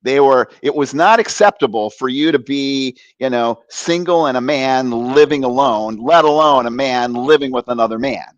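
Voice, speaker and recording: A man in his fifties, a guest author and coach, telling a personal story with lively acted-out voices and sound effects. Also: medium pitch, normal speed, hardly any pauses, dry recording, muffled recording. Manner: animated, acts out voices with bursts of sound effects; frequent fillers and restarts, laughs while telling.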